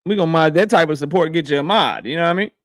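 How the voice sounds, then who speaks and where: A man's voice: a little high, fast talker. A man hosting a boxing live stream, reading chat and riffing loosely with lots of profanity and slang. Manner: loose, profane, trash-talking, reads chat aloud. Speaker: boxing channel host.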